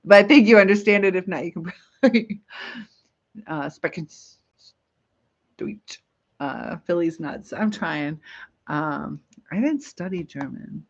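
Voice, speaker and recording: A woman's voice: lowish voice, expressive, measured pace, pauses often. Lady doing a casual livestream, rambly, laughs a lot, kinda dull lo-fi sound. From Michigan, USA. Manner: rambling, reads viewer comments aloud, laughs often. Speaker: livestream host. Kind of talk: casual live chat.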